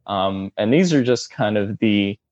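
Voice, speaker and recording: Halting man on a muffled, dry line. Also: lowish voice, a little mellow, no echo. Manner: halting, many fillers and restarts. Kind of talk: casual sports discussion. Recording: dull, muffled dry audio.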